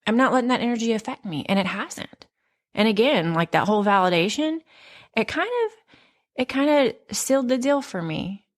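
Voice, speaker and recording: A woman in her thirties hosting a podcast, telling stories in a candid, profane, animated casual chat. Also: a little high, normal speed. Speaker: podcast host.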